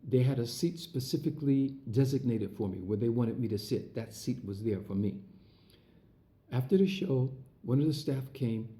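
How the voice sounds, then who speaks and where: A man telling a personal story in casual talk, acting out the voices of others as he goes and filling pauses with lots of uhs. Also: medium pitch. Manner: animated storyteller, acts out quoted voices; frequent fillers and restarts. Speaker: entertainer recounting his past. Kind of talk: casual spoken anecdote.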